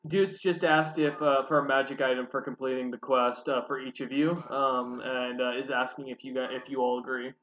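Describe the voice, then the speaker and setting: A man's voice: mid-range voice, flat delivery, brisk, few pauses, fairly bright tone, a little hiss or hum. A man narrating a tabletop game as game master, rambling with many fillers, in a roomy, slightly dull recording.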